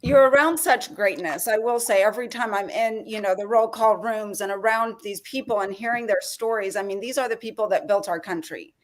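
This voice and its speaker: A woman's voice: medium pitch, fairly quick, few pauses. A woman hosting a podcast, speaking in casual, heartfelt interview chat that turns emotional. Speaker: podcast host.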